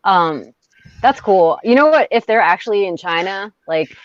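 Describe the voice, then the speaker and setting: A woman co-hosting a casual podcast chat, relaxed and frank, swearing now and then. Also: medium pitch, normal speed. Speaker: podcast co-host. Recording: slightly dull, dry sound.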